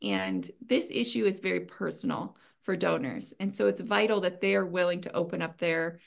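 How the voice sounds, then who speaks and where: Creaky-voiced woman giving practical advice. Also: on the low side, animated, moderate pace. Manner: earnest, advising, frequent ums and light laughs. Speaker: webinar presenter. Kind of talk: conversational training talk.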